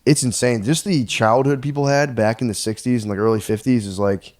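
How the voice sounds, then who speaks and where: A man's voice: mid-range voice, steady tone, fairly quick, darkish tone. A man co-hosting a podcast, telling a story in a loose, profane, rambling way. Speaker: podcast co-host. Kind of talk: casual chat.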